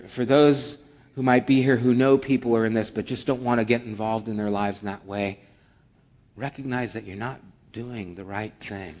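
A man preaching from the pulpit in an earnest pastor's voice. He leans hard into his points, then falls quiet, nearly whispering. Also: fairly low pitch. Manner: earnest, swings from forceful emphasis to hushed near-whispers. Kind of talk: sermon.

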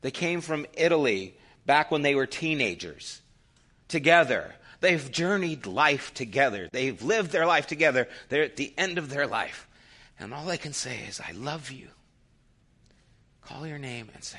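A middle-aged male pastor delivering a sermon, swinging between loud passionate urging and hushed near-whispers. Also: a little high, lively intonation, measured pace.

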